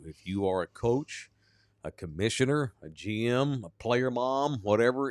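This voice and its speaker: A man's voice: lowish voice, darkish tone, no room sound, clean studio sound. A man co-hosting a sports radio show, chatting casually and reading a live ad with a drawl, often acting out quoted voices. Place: radio studio.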